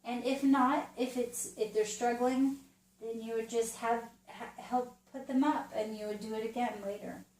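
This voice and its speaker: A woman's voice: fairly high pitch, fairly even intonation, darkish tone, distant mic. A woman who teaches in the Montessori way, demonstrating a geography lesson for young children with patient, childlike prompts. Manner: slow, patient, speaks as if to a small child. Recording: roomy, from away from the mic.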